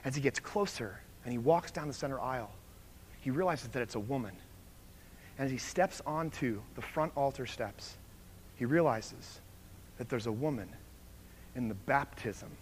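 A male preacher at a campus chapel service moves between vivid storytelling and low, earnest prayer. His voice sits at an ordinary middle pitch. A faint hum of room ambience runs underneath. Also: moderate pace, long pauses. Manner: animated storytelling that drops to soft, hushed prayer. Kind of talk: sermon with story and altar call.

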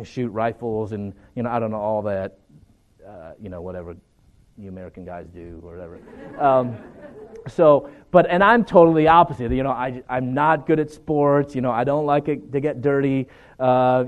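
Halting, earnest man sharing personal testimony. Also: mid-range voice, phone-quality sound. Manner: halting and conversational, with constant 'you know' and fillers; earnest, encouraging. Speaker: guest speaker. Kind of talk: personal testimony talk to students.

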